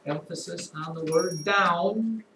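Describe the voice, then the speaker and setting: A man's voice: on the high side, unhurried. Dry, teasing man teaching math in an echoey classroom. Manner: dry, teasing asides to students. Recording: echoey classroom, voice from far off, clear noise.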